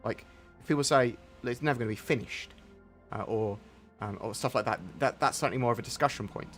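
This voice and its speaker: A man's voice: medium pitch, fast talker, fairly bright tone, faint music behind. A man answering viewer questions on a live stream in a rambling, candid way, with some mild swearing.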